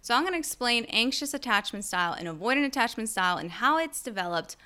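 A woman hosting a casual solo podcast, chatty and animated, often acting out people's lines in playful voices. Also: on the high side, fast talker, smooth. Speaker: podcast host.

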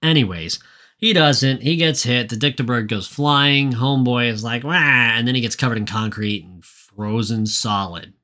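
Bright-voiced, swearing male co-host. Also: mid-range voice, moderate pace. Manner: profane, rambling recap with voiced impressions. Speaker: podcast co-host. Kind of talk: casual chat.

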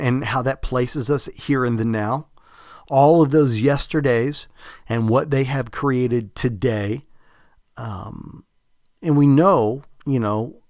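A man's voice: mid-range voice, dry recording. A man with a Southern US drawl talks through a podcast episode in a loose, reflective ramble, full of fillers and false starts. His voice sits in a middle register. The recording is close and dry, with no room sound. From American South. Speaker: podcast host. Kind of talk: casual spiritual podcast talk.

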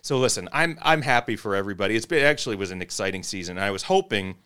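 A man hosting a casual sports chat, animated, laughing often and breaking off his own sentences. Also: fairly low pitch, fast, clean tone.

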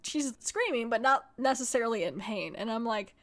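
Animated woman recapping a show. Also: on the high side, normal speed. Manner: animated storytelling, acting out characters' lines. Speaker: podcast host. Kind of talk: casual episode recap.

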